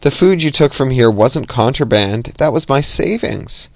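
A man voicing a cunning male wizard who speaks with smooth, insincere politeness. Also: mid-range voice, expressive, a little slow, dry recording, voice pushed up. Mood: sly.

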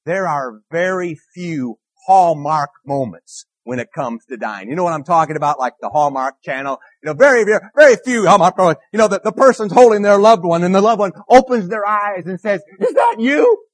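A man's voice: on the high side, lively intonation, a little fast, hardly any pauses, no room sound. Male minister, conversational sermon, asks the congregation questions; dry, close recording. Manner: earnest, repeats key phrases, asks the congregation questions.

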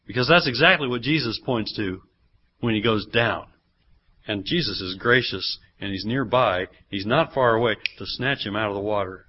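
A man preaching a sermon in a church, at a medium pitch. His delivery swings between a soft, low teaching voice and loud, high exclaiming. The recording is dull and lo-fi. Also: normal speed. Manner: animated preaching, acting out voices of the people in the reading. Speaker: pastor.

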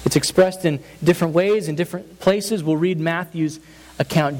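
Speaking at a normal speed, this man has a slightly high, darkish-toned voice, captured on a rough recording with faint hiss. He preaches as a pastor, earnestly and emphatically, using repetition to drive his points home.

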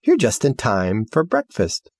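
A man voicing a gentle, lonely female AI house in an audiobook, speaking softly and politely. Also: medium pitch, huge pitch swings, unhurried, creaky, breathy edge, no echo, clean studio sound, full character voice. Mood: sweetly eager.

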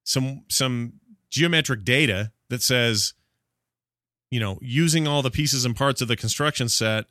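A man's voice: medium pitch, sharp tone, no room sound, clean studio sound. Chatty sarcastic male podcast host. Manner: quick, chatty, sarcastic asides. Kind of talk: casual gaming news chat.

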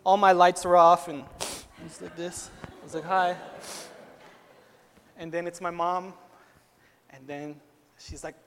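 A man's voice: high-pitched, fairly even intonation, a little slow, a bit bright, slight background noise. A young man giving an earnest, conversational personal testimony as a sermon, full of casual fillers. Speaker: speaker at a Christian gathering. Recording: long hall reverb.

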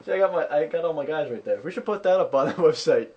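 Joking young man with a high voice. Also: animated, quick pace, husky, lo-fi sound. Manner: joking, rambling, loud outbursts. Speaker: podcast co-host. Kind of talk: casual gaming chat.

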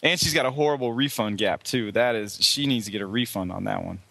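A man's voice: on the low side, quick pace, creaky, bright, forceful tone, dry recording. A man in casual chat, crude and mocking, laughing often as he talks.

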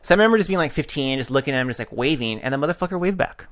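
A young man in casual chat, telling stories in an animated way and swearing freely. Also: mid-range voice, rapid-fire.

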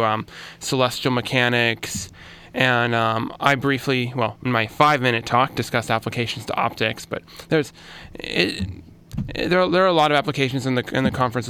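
A man's voice: medium pitch, bright, forceful tone, a little hiss or hum. A man with a Californian American accent, a guest mathematician explaining his field casually, with many restarts and fillers in a radio studio. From Los Angeles. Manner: chatty, self-deprecating, frequent restarts and "um"s.

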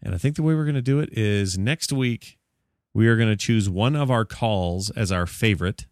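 A man's voice: lowish voice, normal speed, smooth, dry recording, clean studio sound. A man hosting a casual podcast, joking and rambling, sometimes correcting himself. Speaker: podcast host.

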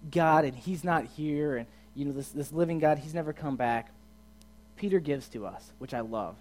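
A man giving a casual sermon as a youth pastor, chatty and asking his listeners questions, swinging from quiet to loud and emphatic. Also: medium pitch. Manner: chatty, asks the audience questions.

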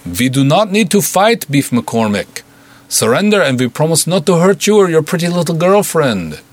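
A dour Russian heavy, voiced by a male narrator, speaking with a thick Russian accent and oily, mock-polite menace. The voice is pushed well above the narrator's own pitch, loud and husky, taunting from outside a door in an old-style audio serial. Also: big pitch swings, normal speed. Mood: menacing.

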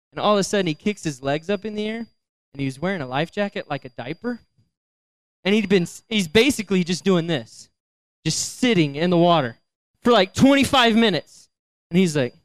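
A young man giving a storytelling sermon, lively, acting out voices and laughing as he goes. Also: high voice, dry recording. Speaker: youth speaker.

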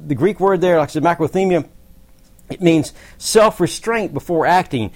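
A man with a somewhat high, darkish voice leads a Bible study at a moderate pace. He explains verses conversationally, makes asides to the group, and laughs now and then.

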